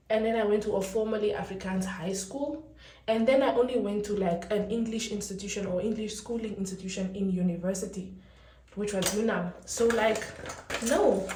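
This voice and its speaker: A woman's voice: medium pitch, recorded from a distance. A young Namibian woman with a Namibian accent chatting casually to her vlog camera, mixing English and Afrikaans and laughing often. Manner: chatty and animated, switching between English and Afrikaans with frequent laughs. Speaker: vlogger. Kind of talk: casual chat. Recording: roomy echo, mic set back.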